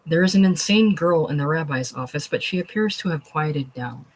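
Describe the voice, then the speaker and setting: A husky-voiced reader voicing a fussy, polite elderly man in a play reading, genteel and flustered. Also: mid-range voice, expressive, moderate pace, natural voice, low-quality recording.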